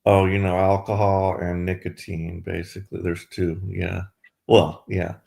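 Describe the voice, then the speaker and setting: Deep gravelly man, flat and hesitant. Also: measured pace. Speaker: caller. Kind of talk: casual chat.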